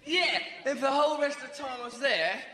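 A man's voice: extremely high pitch, a little fast, a faint crowd. A man performing live stand-up comedy, telling rambling stories full of "right?" asides. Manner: animated, rambling storytelling with frequent "right?" asides. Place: theatre stage before a live audience. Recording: echoey live hall, audience noise.

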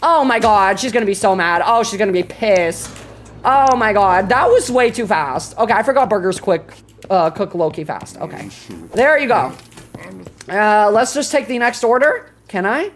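A woman streaming a cooking game, excitable and foul-mouthed, talking to her chat and flaring into loud exclamations when flustered. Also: mid-range voice, normal speed. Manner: excitable, swears a lot, talks to chat. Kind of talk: live gameplay commentary.

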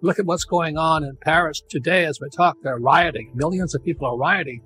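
A man's voice: a little high, a little fast, sharp tone, faint music behind. Emphatic older American man ranting. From United States. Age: 70s. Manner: emphatic, repetitive ranting with restarts. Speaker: interview guest, author. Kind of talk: interview.

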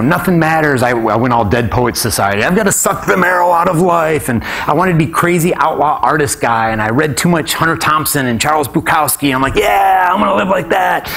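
A man performing live stand-up storytelling on stage, talking to the audience in a conversational way and bursting into shouted exclamations. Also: medium pitch. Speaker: comedian and storyteller. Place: stage at a live conference event.

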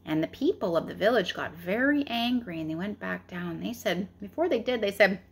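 A woman in her thirties reading a children's story aloud in an expressive, chatty way. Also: mid-range voice, a little fast, creaky, few pauses, breathy edge.

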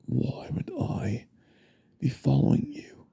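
A man's voice: mid-range voice, takes it slowly, creaky, dark tone, slightly rough, no room sound, studio quality, full character voice. A British man voicing an obsessive young goth stalker in a whispered role-play, creepy and falsely innocent. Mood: creepy calm. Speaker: ASMR role-play performer.

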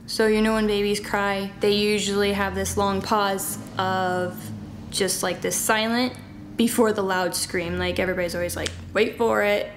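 Tearful mom telling a hard story. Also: female voice, medium pitch, a little hiss or hum. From Southern California. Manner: halting, with fillers and nervous laughs. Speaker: vlogging mom. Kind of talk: emotional personal account.

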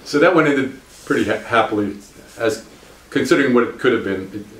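A man's voice: mid-range voice, animated, brisk, a bit bright, slight background noise. A man interviewing a guest, chiming in with short casual comments and reactions. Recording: echoey room with crowd behind.

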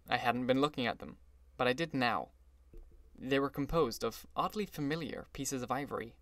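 A man reading an audiobook in a measured, even scripted narration. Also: medium pitch, no room sound.

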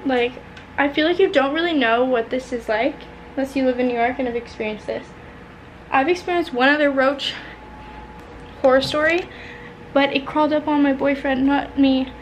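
Panicked high-voiced young woman vlogger. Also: normal speed, long pauses, a little hiss or hum. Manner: panicked, swearing, half laughing half crying. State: shaken and tearful. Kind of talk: casual vlog monologue. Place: apartment bedroom.

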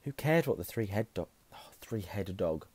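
A hoarse man reading a novel aloud, hushing at tense moments and correcting himself. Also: fairly low pitch, big pitch swings, moderate pace, no room sound. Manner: self-correcting, softening to a hush at tense moments. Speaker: reader.

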